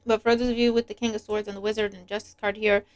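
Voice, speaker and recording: A woman's voice: medium pitch, flat delivery, fast. A woman reading tarot cards to her viewers in a chatty way, often acting out little imagined exchanges and checking in with "right?". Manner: chatty, lots of "right?" and acted-out inner dialogue. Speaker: tarot reader. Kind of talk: casual tarot reading monologue.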